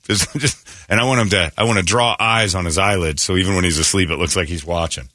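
Male morning-show host, animated storyteller, bright voice, dry studio. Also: low-pitched, quick pace, no room sound. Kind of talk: comedic morning radio talk.

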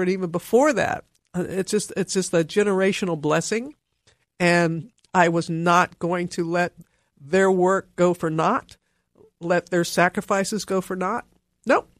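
A middle-aged woman, a guest in a heartfelt conversation, telling her story in an emphatic, animated way. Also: on the low side, moderate pace, no echo, studio quality.

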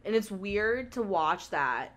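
A woman's voice: mid-range voice, expressive, takes it slowly. A young woman co-hosting a casual chat about movies, talking chattily with many fillers and frequent laughs. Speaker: podcast co-host.

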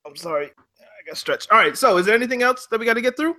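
A man's voice: very high voice, animated, fast, sharp tone. A man co-hosting a casual football podcast, teasing and rambling. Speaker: podcast co-host.

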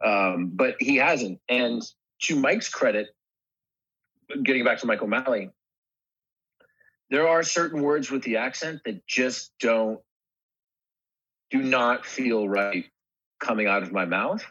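A man, an actor, chatting in an interview, halting and restarting his sentences often. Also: mid-range voice, fairly bright tone, breathy edge, muffled recording. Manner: halting, many restarts and fillers. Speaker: actor guest. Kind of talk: casual interview chat.

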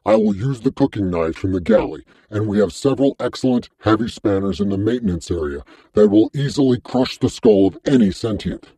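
A man voicing a big, hulking male alien warrior eager for violence, in an audiobook, speaking in a low, gruff and formal way. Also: very animated, a little fast, hardly any pauses, warm tone, no echo, heavily acted. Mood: eager to fight. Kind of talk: audiobook character voice.

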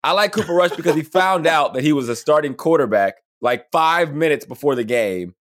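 A man in his thirties co-hosting a sports podcast, talking casually in an animated way, with quick asides and frequent laughter. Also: on the high side. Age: 30s. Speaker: podcast co-host.

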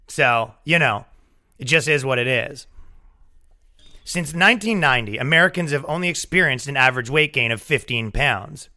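A man's voice: mid-range voice, lively intonation, moderate pace, long pauses, pushed and bright. A man hosting a podcast, ranting in casual chat with profane jokes and laughing asides. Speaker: podcast host.

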